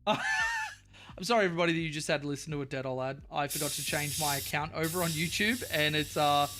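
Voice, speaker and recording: A man's voice: on the high side, steady tone, quick pace, noisy background. A man with an Australian accent chatting casually and profanely on a live stream while he paints miniatures. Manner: rambling and profane, with bursts of silly wordplay.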